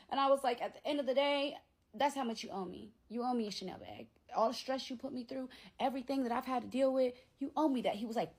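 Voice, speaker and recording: A young woman tells a storytime vlog from her bedroom at home. Her voice has a gravelly, slightly husky edge, and she keeps the story lively with slang and acted-out quotes. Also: a little high, fast talker. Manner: animated, slangy, acts out quoted lines.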